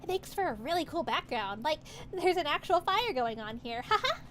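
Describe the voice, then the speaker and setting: Excitable young maid cafe girl, voiced by a woman: high, bright, cute, quick to get defensive. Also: slight background noise. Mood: excited.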